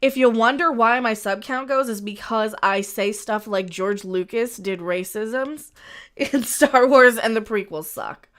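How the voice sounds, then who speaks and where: Lady co-host on a livestream, chatty and animated, bright voice. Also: on the high side, a little slow. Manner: animated, coos in a baby voice at the screen. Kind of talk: casual livestream chat.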